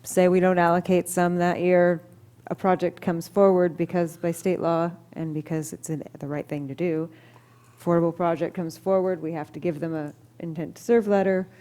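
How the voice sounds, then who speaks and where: A woman on the board asks questions during a meeting and thinks aloud as she goes. Her voice is low and mellow, with a dark tone. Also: little pitch movement, normal speed. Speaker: board member.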